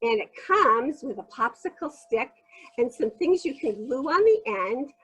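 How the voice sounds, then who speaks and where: A woman demonstrating early reading games to young children in an animated, sing-song teacher voice with excited gasps. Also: sits high, measured pace, breathy edge, poor audio.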